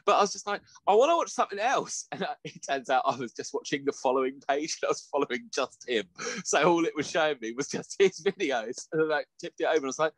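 A man's voice: a little high, lively intonation, fast, a bit bright, dry recording. A man co-hosting a casual podcast chat, laughing often, swearing freely and slipping into mock voices. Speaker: podcast co-host.

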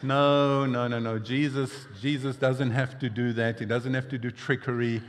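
A man's voice: mid-range voice, flat delivery, moderate pace, long reverb tail. A male pastor preaching a sermon, explaining scripture in a conversational way with personal asides.

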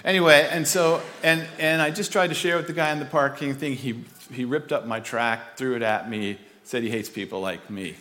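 A man's voice: medium pitch, normal speed, few pauses. Man preaching with long hall reverb. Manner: conversational, animated storytelling with self-deprecating chuckles. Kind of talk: storytelling sermon.

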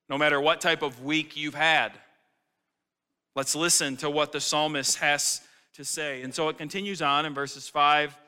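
A man's voice: on the high side, sharp tone, in a large hall. A man preaching a sermon to a congregation in a casual, conversational way, asking many questions. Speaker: pastor.

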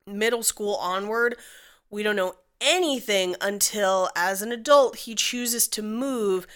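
A woman's voice: medium pitch, measured pace, a bit bright, clean tone. A woman co-hosting a podcast, telling a history story in casual chat with wry asides. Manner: chatty, laughs often, wry asides. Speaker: podcast co-host.

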